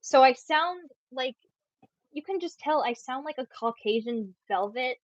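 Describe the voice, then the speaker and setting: A woman's voice: high-pitched, animated, unhurried, no room sound. A young woman of Puerto Rican background, a guest on a casual livestream, who rambles and packs her speech with filler words. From Puerto Rico. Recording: dull, dry lo-fi mic.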